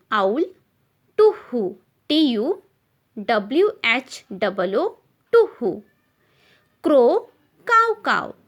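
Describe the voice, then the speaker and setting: A woman's voice: on the high side, a bit bright. A woman with an Indian English accent teaching young children animal sounds, spelling each word out letter by letter and singing a simple rhyme. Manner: spells words letter by letter, sings lines slowly. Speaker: primary school teacher.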